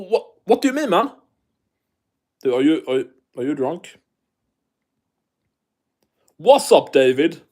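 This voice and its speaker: A man's voice: fairly high pitch, darkish tone, breathy edge. A man from Sweden, hosting a casual live stream, chatting and reading the chat aloud while swearing freely.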